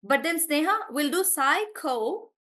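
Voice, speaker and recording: A woman's voice: high voice, lively intonation, normal speed, bright, forceful tone. A woman from South India with a South Indian English accent, teaching pronunciation in a live online class, encouraging and breaking words into syllables.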